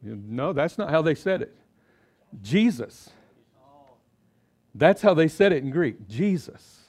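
A middle-aged man with a slightly high voice leads a live Bible seminar. He talks in a loose, chatty way, throws questions at the audience and acts out short quotes as he teaches. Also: sing-song, moderate pace, a little mellow.

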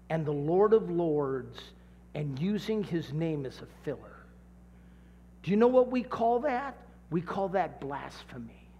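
A man preaches in a high, carrying voice, taking his time over every phrase. He tells stories and punctuates them with sudden shouts and long, stretched-out words. The sound rings with the long reverb of a large hall. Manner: storytelling, with dramatic shouts and drawn-out emphasis. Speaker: pastor. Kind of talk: sermon.

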